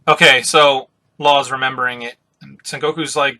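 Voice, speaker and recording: A man doing a live reaction to a new comic chapter, reading it aloud and commenting in an excitable way, swearing freely. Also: medium pitch, moderate pace.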